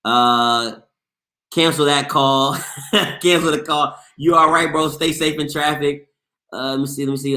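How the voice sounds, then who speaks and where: A man hosting a casual sports call-in show, playful and loud, reading the chat aloud and breaking into shouts and laughter. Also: fairly high pitch, steady tone, unhurried, roomy sound. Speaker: sports show host taking callers.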